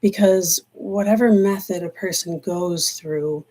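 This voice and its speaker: Earnest woman tarot reader on a livestream, meandering talk with slowed emphasis, emotional edge. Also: on the low side, dark tone. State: choked up, near tears. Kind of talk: live-stream spiritual talk.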